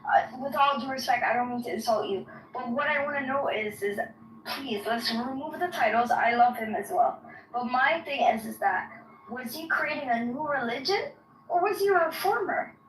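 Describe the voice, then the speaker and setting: Woman running a debate voice chat, polite, keeps saying hold on, bit high voice, roomy and far. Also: animated, moderate pace, fairly bright tone, a little hiss or hum. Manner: polite, apologetic, many pleas to take turns. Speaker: room moderator. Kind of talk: moderating an online debate. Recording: roomy distant audio.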